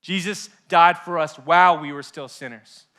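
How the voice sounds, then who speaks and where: Bright-voiced, impassioned male youth pastor. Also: fairly high pitch, steady tone, moderate pace. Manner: impassioned, swings between loud and hushed; acts out listeners' inner voices. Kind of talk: sermon.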